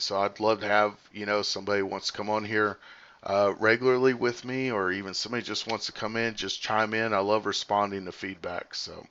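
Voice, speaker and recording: A man with a lowish voice hosts his own livestream and talks off the cuff. He rambles, thinks out loud with plenty of fillers and hurries along as he reads comments. The audio is dull and lo-fi. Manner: talks fast while reading comments. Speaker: livestream host.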